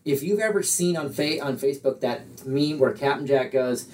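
A man guesting on a podcast, spinning long, rambling stories in a middle-pitched voice. He keeps checking in with his listener as he goes. He sits well back from the microphone, so he sounds distant. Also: moderate pace, hardly any pauses, a little mellow. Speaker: interview guest. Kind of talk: casual storytelling in an interview. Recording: distant mic, room sound.

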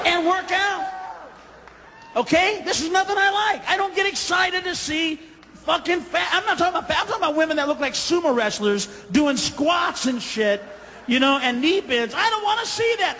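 Profane high-voiced stand-up comic. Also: male voice. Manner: profane, ranting, shouts into high-pitched impressions. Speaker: stand-up comedian. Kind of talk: stand-up comedy routine. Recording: live hall with audience, faint crowd noise.

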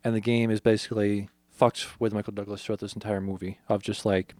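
Quick-paced and fairly low-pitched, a man co-hosting a podcast recounts a film's plot in detail with no room sound. He tells it casually and with animation, voicing the characters' lines and swearing a lot.

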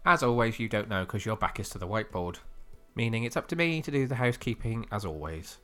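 A man with a fairly low voice co-hosts a casual comic book podcast. He talks at length in a chatty, teasing way and laughs often. Faint music sits quietly in the background. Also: animated, quick pace, smooth. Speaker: podcast co-host.

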